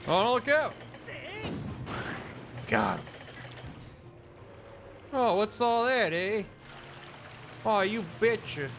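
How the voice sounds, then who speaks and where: A man's voice: high voice, extremely slow, long pauses, over music. A man streaming a video game, making joking, sarcastic asides and swearing at the game. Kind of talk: casual gameplay commentary.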